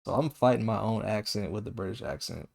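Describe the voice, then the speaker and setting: A man streaming a video game, giving casual commentary in a slangy, excitable way. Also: fairly low pitch, fairly quick, creaky.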